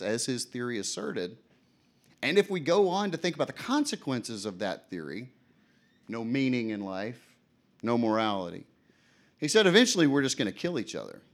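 Man preaching, mid-pitched voice, conversational, asks the room questions. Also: very animated, brisk. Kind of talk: sermon.

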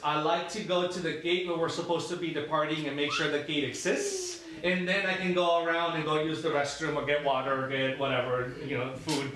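Conversational pastor in an echoey hall. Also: male voice, on the high side. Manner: relaxed, conversational storytelling. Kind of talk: sermon. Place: church sanctuary. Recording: very echoey room from a distance.

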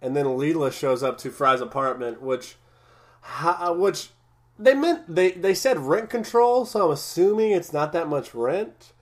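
A man's voice: fairly high pitch, lively intonation, unhurried. A man chatting casually as a podcast co-host, recapping an episode with many restarts and frequent laughs.

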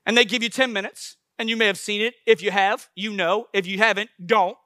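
A man preaching a sermon, swinging between loud bursts and hushed asides. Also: high voice, fairly even intonation, brisk, no room sound, studio quality.

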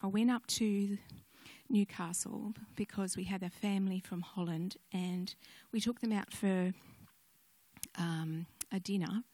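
An older woman giving a personal testimony sermon, telling stories gently with conversational asides. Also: medium pitch, no echo. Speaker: speaker sharing a devotional message.

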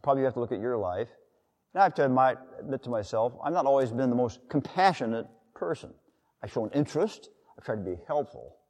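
A man's voice: mid-range voice, expressive, quick pace, darkish tone. A man preaching a sermon in a conversational way, sometimes acting out quotes. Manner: conversational, with acted-out quotes and asides. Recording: long reverb of a large hall.

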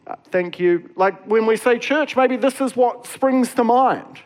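High-voiced man preaching casually. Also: a little slow, darkish tone. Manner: casual, conversational preaching with many fillers. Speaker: pastor. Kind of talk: sermon.

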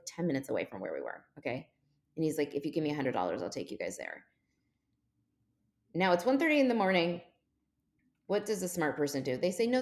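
Low-voiced woman telling a wild story. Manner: animated, jumps into quoted voices. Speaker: podcast guest. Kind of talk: casual storytelling.

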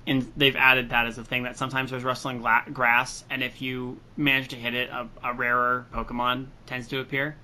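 Male co-host, bright, forward tone, chatty. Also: mid-range voice, level tone, moderate pace, hardly any pauses. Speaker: podcast co-host, reader. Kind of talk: casual reading and chat.

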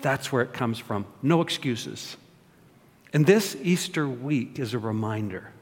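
A man's voice: medium pitch, lively intonation, measured pace. A man preaching a sermon as a pastor, joking and asking his congregation questions. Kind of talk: sermon with prayer. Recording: long reverb of a large hall.

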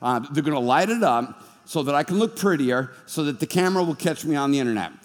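A male pastor preaching a sermon in an animated, jokey, conversational way, in a church hall being filmed. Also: on the high side, fast talker. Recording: long hall reverb.

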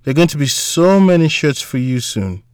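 A man voicing a young woman, a tender and protective older sister who speaks softly and in hushed tones. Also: on the high side, sing-song, moderate pace, smooth, no echo, clean studio sound, voice pushed up. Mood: tender, soothing.

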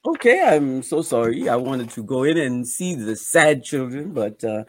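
A man's voice: medium pitch, very animated, dry recording, voice pushed down. A man putting on a French comedienne. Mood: earnest. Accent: put-on French. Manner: halting, earnest, comic. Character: banished French woman stand-up comic, sad and eager.

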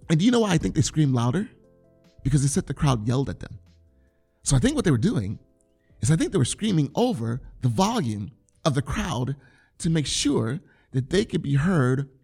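A man's voice: fairly high pitch, vocal fry, a little mellow, breathy edge. A man preaching a sermon, repeating key phrases for emphasis and acting out the people in a scripture story. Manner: dramatic, acts out the crowd and the blind men in raised voices. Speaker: pastor.

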